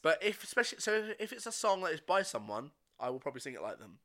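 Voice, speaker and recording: A man's voice: fairly high pitch, sing-song, quick pace, pushed and bright. A young man, a podcast co-host, chatting casually and telling stories with frequent laughs. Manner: chatty storyteller, laughs often. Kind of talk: casual chat.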